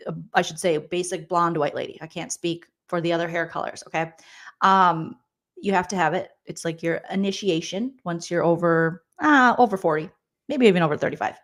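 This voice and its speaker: A woman in her forties hosting a casual comedic recap of a reality show, reading viewer comments and making quick, joking asides. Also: on the low side. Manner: chatty, jokey, quick asides and mock voices.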